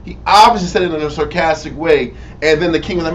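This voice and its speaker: A man's voice: fairly high pitch, fast talker, a bit bright. A man leading a bible study, teaching emphatically and prompting the reader with "Read on" and "Right?". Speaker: teacher leading a scripture reading. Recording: dull lo-fi audio with faint noise.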